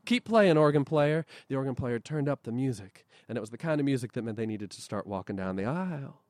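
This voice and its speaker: This medium-pitched male storyteller brings a folk tale to life on a festival stage, animated and expressive, letting dramatic pauses hang. The recording has a dry sound.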